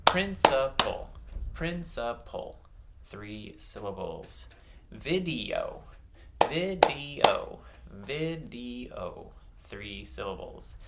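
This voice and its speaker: A man teaching a phonics lesson to young children, saying words slowly and praising each answer. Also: lowish voice, gravelly, background noise. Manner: slow, drawn-out words with bright praise.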